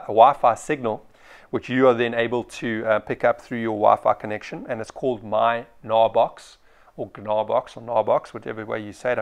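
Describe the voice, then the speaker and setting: A man from South Africa, a photographer, talking through a product review in a casual way with frequent ums and restarts. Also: medium pitch.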